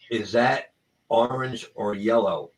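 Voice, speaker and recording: A man on a video call from home late at night, halting and clearing his throat with a frog in his throat. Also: lowish voice, low-quality recording. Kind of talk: casual chat on a call.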